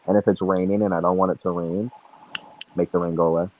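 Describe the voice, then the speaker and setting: Chatty young man with a low voice. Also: little pitch movement, fast, lo-fi sound, a little hiss or hum. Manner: rambling, chatty, frequent restarts and fillers. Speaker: podcast co-host. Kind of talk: casual chat.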